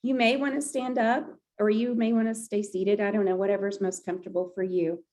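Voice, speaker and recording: A woman's voice: mid-range voice, level tone, a little fast, warm tone. A woman leading a group laughter yoga session, chatty and upbeat, often breaking into laughter. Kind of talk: guided group exercise session.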